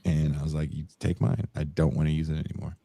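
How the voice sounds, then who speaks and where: A man's voice: a bass voice, flat delivery, fast talker, gravelly, warm tone, slightly rough. A young man co-hosting a podcast, telling stories in casual chat, swearing freely and acting out the people in them. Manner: profane, storytelling, mimics people in dialogue. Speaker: podcast co-host.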